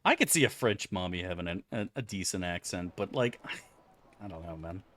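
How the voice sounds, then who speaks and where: Man, fairly low voice, game streamer, casual chat, rambling, swears a lot. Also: expressive, a little fast, a bit bright, slight background noise. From Florida, USA. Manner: rambling, profane and offhand. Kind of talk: casual chat while gaming.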